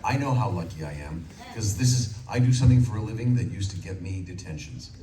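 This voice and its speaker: A man in his sixties, a voice actor telling animated stories on a convention panel and slipping into character voices. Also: lowish voice, quick pace, very noisy. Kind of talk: anecdotal panel storytelling. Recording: echoey hall from far off, loud crowd.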